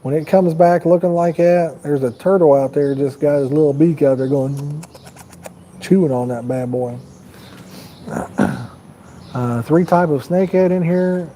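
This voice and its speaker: A man's voice: a little high, unhurried, mellow, slight background noise, low-quality recording. A man hosting a fishing livestream outdoors by a pond, chatting loosely and rambling to his viewers. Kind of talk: casual live-stream chat.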